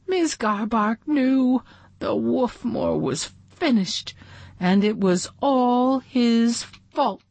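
A woman reading a children's storybook aloud in an expressive, lively way. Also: mid-range voice, takes it slowly, vocal fry, husky, dry recording. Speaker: storybook reader.

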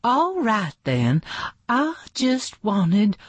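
Brief: woman reading as a poised diva lady dog, higher and lilting, very slow and breathy. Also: huge pitch swings, no echo, heavily acted. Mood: concerned. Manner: grand, theatrical and reassuring. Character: glamorous purple movie-star lady dog, gracious and poised.

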